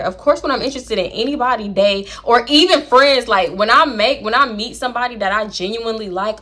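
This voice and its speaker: A woman's voice: on the high side, brisk, hardly any pauses, sharp tone. A woman telling a casual storytime, slangy and profane, acting out the quoted lines of the people in her story. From Houston, Texas. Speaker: storytime YouTuber.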